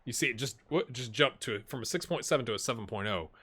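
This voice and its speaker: A man's voice: mid-range voice, fast, sharp tone, slightly rough. A man playing a football manager game, chatting casually to viewers and cheering or mumbling at the match as it plays. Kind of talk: casual let's-play commentary. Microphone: headset with earbuds.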